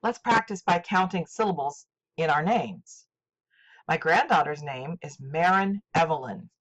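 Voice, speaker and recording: An older woman teaching a scripted literature lesson, speaking slowly and deliberately with clear enunciation. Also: deep voice, animated, a bit bright. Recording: dull lo-fi recording.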